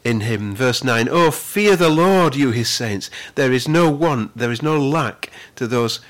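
A male pastor preaches in an earnest, conversational way at a middle pitch. He often repeats words as he gathers his thoughts. He slows right down to lean on the scripture he quotes. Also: lively intonation. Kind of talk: sermon.

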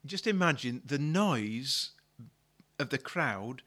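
A man's voice: mid-range voice, animated, slow pace, fairly bright tone. A male pastor preaching a sermon, retelling a story in a conversational way and often repeating words as he restarts a thought.

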